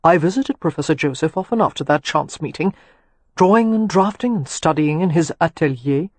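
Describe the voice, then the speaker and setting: A woman narrator voicing a confident, wry young gentleman architect who teases and reflects. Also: fairly high pitch, lively intonation, normal speed, no echo, natural voice. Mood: teasing.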